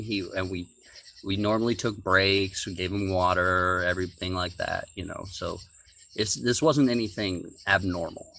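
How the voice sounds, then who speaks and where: A man's voice: low-pitched, fairly bright tone. A man casually telling a long story from his own life on a podcast, rambling with fillers and restarts. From rural United States.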